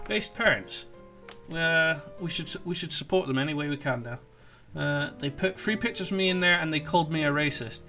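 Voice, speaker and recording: Faint music plays behind a man ranting in an online commentary video. A political commentator, he's sarcastic, mocking and rambling, often stumbling and restarting, and his fairly high voice is sharp and a little fast.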